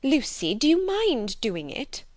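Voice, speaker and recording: A woman's voice: sits high, very animated, takes it slowly, darkish tone, dry recording, clean studio sound, voice pushed up, full character voice. A woman reading an audiobook, voicing a fussy, self-pitying older spinster who is a cousin and chaperone. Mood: plaintive.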